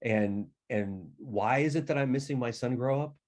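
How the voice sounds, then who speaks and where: A middle-aged man talking as an author guest, rambling through casual stories at a medium pitch. He is chatty and now and then acts out how family members sounded. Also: moderate pace, a little mellow. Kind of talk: casual storytelling conversation.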